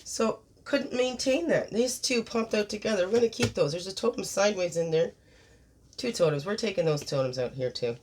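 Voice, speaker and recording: A woman's voice: medium pitch, brisk, darkish tone, a little hiss or hum. A woman hosting a daily spiritual card reading, reflective and encouraging, asking her listeners many questions. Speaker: spiritual guidance host.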